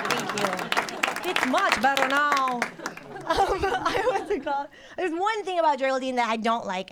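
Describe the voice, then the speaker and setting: A young woman doing stand-up comedy, rambling quickly and self-deprecatingly, often laughing between lines. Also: a little high. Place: comedy stage with live audience. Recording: loud audience laughter and noise.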